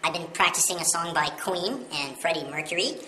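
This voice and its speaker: Woman, casual video teacher, low-pitched, friendly step-by-step explainer; roomy sound. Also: lively intonation, brisk, sharp tone, slight background noise. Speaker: yodeling teacher. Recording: roomy echo with music behind.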